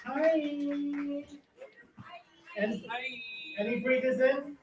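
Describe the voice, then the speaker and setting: A man's voice: very high voice, steady tone, drawn-out words, heavy background noise. A man doing a camp, self-mocking stand-up set in a live comedy club. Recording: echoey club, distant mic, crowd laughter.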